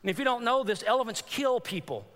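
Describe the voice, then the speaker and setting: A man preaching with an unusually high, bright and forceful voice. He tells his congregation a story, repeating key phrases for emphasis. His words ring out through a church hall with a long reverb. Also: animated, fast talker. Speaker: pastor. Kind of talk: sermon with personal story. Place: church sanctuary.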